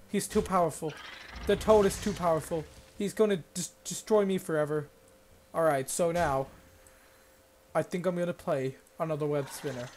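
Young male gaming host, slightly high voice, over-the-top sarcastic play-by-play at a desk mic. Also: a little mellow, slight background noise. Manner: mock-dramatic, exaggerated panic and sarcasm. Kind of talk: gameplay commentary.

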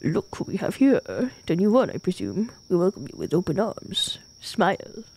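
A woman voicing a greedy, smiling male temple priest in a game stream, speaking in a smooth, sly and ominous way. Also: on the low side, wildly swooping pitch, normal speed, darkish tone, a little hiss or hum, voice pushed down.

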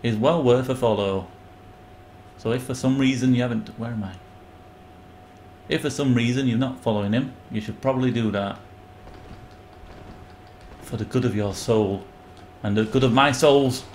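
A man's voice: medium pitch, moderate pace, long pauses, darkish tone, slight background noise. A man streaming a game live, rambling and joking with his chat and yelping when things go wrong. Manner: rambling, jokey, breaks into yelps when panicking. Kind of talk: live gameplay commentary.

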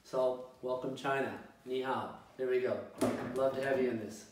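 A man teaching an online tuba class, speaking slowly and deliberately as he walks through exercises and counts in. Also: medium pitch, steady tone, heavy reverb, recorded from a distance, noisy background. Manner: slow, deliberate instruction with counting. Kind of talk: online music lesson. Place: home practice room.

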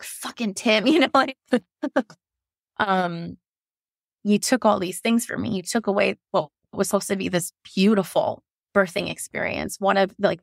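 Gravelly-voiced woman telling a raw story. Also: on the low side, dry recording, studio quality. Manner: emotional, frank, swears, many fillers. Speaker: guest telling her birth story. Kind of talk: candid personal storytelling.

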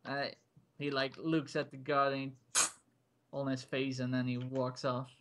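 A man's voice: mid-range voice, completely flat delivery, unhurried, background noise. A man running a tabletop game as game master, narrating loosely with lots of "like" and laughter. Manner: laughing, rambling with many "like"s.

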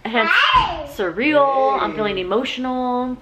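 Teary young woman vlogging amid loud noise. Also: high voice, very animated, measured pace. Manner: emotional, chatty, full of "like"s. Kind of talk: casual nighttime vlog chat. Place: at home.

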